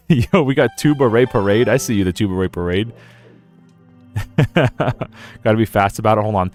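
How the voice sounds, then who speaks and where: A man's voice: on the low side, moderate pace, faint music behind. A young man streaming a game, rambling casually, laughing often and slipping into silly quoted voices. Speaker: gaming streamer. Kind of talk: casual live-stream commentary.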